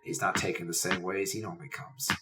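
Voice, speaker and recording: Deep-voiced game master narrating. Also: male voice, little pitch movement, fast. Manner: dramatic second-person narration. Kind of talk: narrating a tabletop role-playing game. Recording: distant mic with faint hiss.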